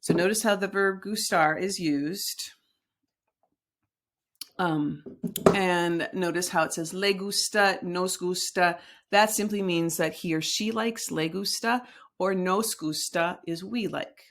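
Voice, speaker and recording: Woman, lowish voice, Spanish teacher, patient explaining, recorded lesson. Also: fairly bright tone. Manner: patient, explains slowly with fillers.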